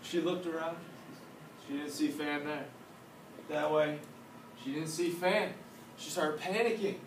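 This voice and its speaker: A man retelling a legend aloud in a casual, animated, joking way. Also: on the high side, a little slow. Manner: animated, playful, joking asides. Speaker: storyteller. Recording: echoey room from a distance, faint noise.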